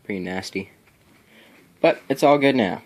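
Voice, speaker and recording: A man's voice: fairly low pitch, expressive, measured pace, darkish tone. A man giving a casual show-and-tell of his gear, rambling and filling gaps with "um" and "anyways". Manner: rambling, many ums and anyways. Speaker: paintball vlogger.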